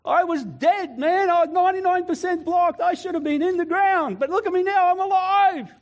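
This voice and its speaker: A man voicing an overjoyed male heart patient in a sermon, exclaiming loudly in a raised high voice. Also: normal speed. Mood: elated. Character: excited male heart patient, grateful to be alive.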